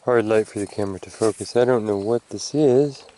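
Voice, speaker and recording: A man's voice: on the low side, a little fast. A man musing aloud as he digs up old metal finds outdoors, filming himself for a metal detecting vlog. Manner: relaxed, musing, thinking aloud. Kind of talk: casual outdoor commentary. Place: outdoors under oak trees.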